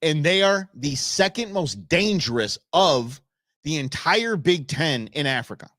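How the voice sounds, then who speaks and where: A man hosting a show, giving playful, animated commentary over viral videos and talking back at the footage. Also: on the high side, unhurried, no echo, studio quality. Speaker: show host.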